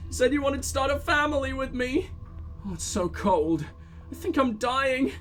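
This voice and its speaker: A man's voice: very high-pitched, expressive, normal speed, a bit bright, soft background music, voice pushed up. A man voicing the mournful ghost of a young murdered woman, pleading and wailing as he reads her lines.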